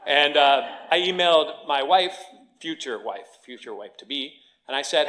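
A man's voice: mid-range voice, normal speed, fairly bright tone. A middle-aged man, a pastor, giving a sermon in a conversational storytelling way with self-deprecating humour.

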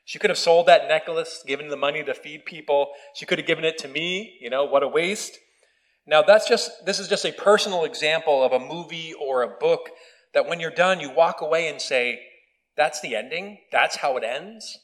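A pastor giving a conversational video sermon, with casual asides and self-deprecating humor. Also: male voice, fairly high pitch, a little fast, poor audio. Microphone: video recording.

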